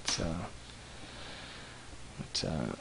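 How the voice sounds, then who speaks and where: A man's voice: extremely slow, a bit bright, slight background noise. Chill guy hosting a livestream, casual swearing, easygoing. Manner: laid-back, swears casually. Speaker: host. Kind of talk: casual live-stream chat.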